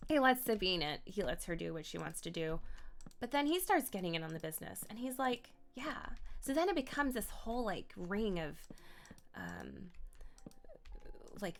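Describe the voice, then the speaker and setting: A woman's voice: fairly low pitch, gravelly, a little hiss or hum. A woman streamer improvising a story as she games, rambling, playful, with side comments to herself. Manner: rambling, playful, laughs and asides. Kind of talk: improvised storytelling while gaming.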